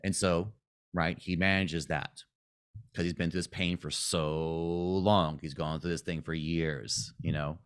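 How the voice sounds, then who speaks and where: A man with a fairly low voice talks a group through a client's breakthrough. He tells it casually and with animation, acting out the quotes and checking in with a "right?" again and again. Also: measured pace, clear, resonant tone. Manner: animated retelling, acts out quotes, frequent "right?". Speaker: spiritual coach.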